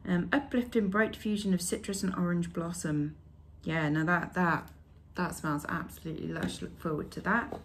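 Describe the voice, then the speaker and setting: A woman's voice: lowish voice, fairly even intonation, normal speed, slight background noise. A woman chatting casually as she unboxes beauty products, reading labels aloud with fillers along the way. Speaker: beauty vlogger.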